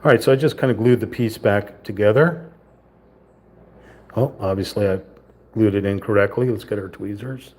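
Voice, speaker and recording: A man's voice: on the low side, normal speed, pauses often, a little mellow. A man hosting a livestream, chatting casually as he assembles a wooden model kit and narrates each step to himself. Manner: chatty, self-talking, mild southern lilt at times. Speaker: livestream host building a puzzle kit. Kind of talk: casual hands-on build narration.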